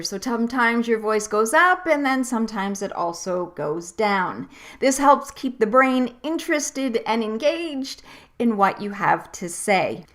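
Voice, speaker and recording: A woman coach giving tips straight to camera in a clear, upbeat, teacherly way, slowing down and getting louder or quieter for emphasis. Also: fairly high pitch. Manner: clear, upbeat, teacherly delivery that varies pace and loudness for emphasis. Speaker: online course coach. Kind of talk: direct-to-camera tips video.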